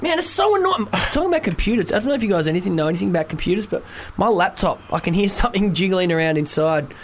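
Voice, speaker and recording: Lively, jokey man. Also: sits high, very fast, slight background noise. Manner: laughs often, animated and jokey. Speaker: radio host. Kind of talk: casual radio banter.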